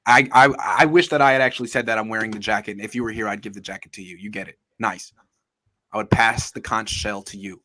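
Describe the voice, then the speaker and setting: A man's voice: on the low side, steady tone, quick pace, bright, forceful tone. Emphatic, jokey male sports podcast host. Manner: emphatic, jokey, repeats himself for effect. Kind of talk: casual sports chat.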